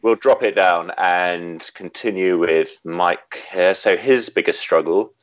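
A man's voice: low-pitched, slow, no echo, highs cut off. A man co-hosting a casual podcast, chatting about photos and reading a listener's email aloud with dry, wry asides. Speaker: podcast co-host.

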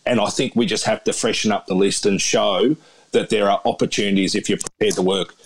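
An Australian man co-hosting a sports podcast on a phone, talking in a measured, reasoning way. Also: on the low side, steady tone, husky. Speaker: podcast co-host. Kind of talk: casual sports podcast chat.

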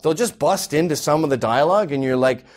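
A man's voice: a little high, a little fast. A Canadian man doing an exasperated, mocking stand-up rant. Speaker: comedian.

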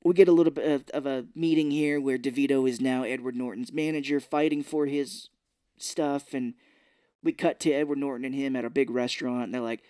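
A man's voice: medium pitch, steady tone, fairly quick, warm tone, no room sound. Guy on a podcast walking through a movie plot, does little voices for the lines, dry close sound. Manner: retells scenes doing brief character voices. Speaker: podcast co-host. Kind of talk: casual movie recap chat. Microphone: podcast microphone.

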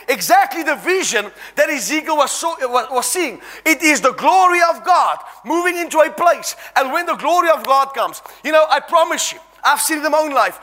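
A man's voice: very high voice, pushed and bright. A man preaching an impassioned sermon, reading scripture aloud and exhorting his congregation. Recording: long reverb in a large hall.

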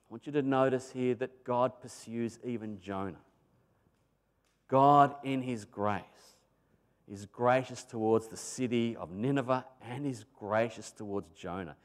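An Australian man delivering a sermon with lively, storytelling energy. He swings from loud, emphatic stresses down to hushed asides, his pitch at an ordinary middle height. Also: unhurried. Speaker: preacher.

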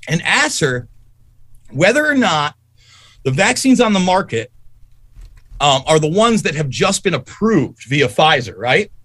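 A man telling stories in a heated, profane political rant, loudly and emphatically angry. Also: fairly high pitch, dry recording. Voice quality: profane, fast and animated.

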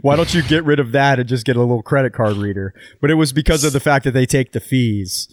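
A man's voice: medium pitch, fast. A man co-hosting a podcast, chatting casually in a blunt, teasing, matter-of-fact way. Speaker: podcast co-host. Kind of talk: casual chat.

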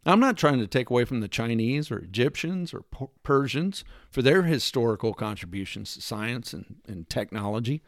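Speaking in a mid-range voice with lively intonation, this US commentator keeps a moderate pace and rarely pauses as he lectures, sarcastic and emphatic, posing rhetorical questions. Quoted lines get put-on accents. The sound is clean studio audio without echo.

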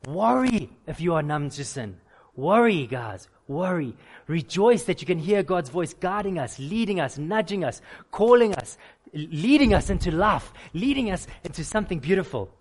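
Pastor, male, slightly high voice; candid, emphatic sermon delivery with stacked lists. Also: very animated, moderate pace, breathy edge. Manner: candid personal storytelling with emphatic repeated lists.

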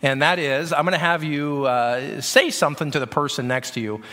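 Bright-voiced pastor preaching in a hall. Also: male voice, on the high side, moderate pace. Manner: conversational, often repeating words. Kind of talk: sermon. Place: church sanctuary. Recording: long reverb of a church hall.

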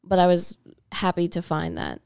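A woman's voice: on the low side, very animated, moderate pace, gravelly, a little mellow, clean tone, no echo, studio quality. A woman in casual film chat with co-hosts, rambling, laughing often and swearing offhand. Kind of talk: casual chat about films.

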